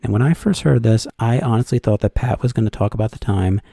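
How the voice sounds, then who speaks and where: A man's voice: fairly low pitch, fast, vocal fry, dark tone, dry recording, studio quality. A man narrating a countdown of favorite podcast moments with enthusiastic fan commentary.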